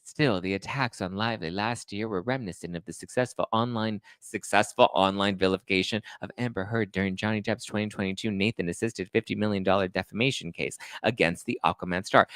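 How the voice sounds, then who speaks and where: A man's voice: fairly low pitch, fairly even intonation, brisk, few pauses, fairly bright tone, no echo. A man hosting a gossip commentary show, reading articles aloud and ranting at them sarcastically, getting more and more worked up.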